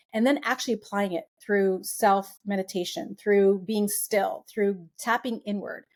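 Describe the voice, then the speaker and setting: Middle-aged woman, podcast guest, animated storyteller, mid-pitched, voices the people she quotes. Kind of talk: conversational storytelling.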